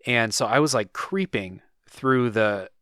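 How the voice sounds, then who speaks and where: Podcast host, man, smooth clear voice, dry close sound, laid-back talker. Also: medium pitch, measured pace, dry recording. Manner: relaxed storytelling, many "like"s. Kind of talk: casual chat.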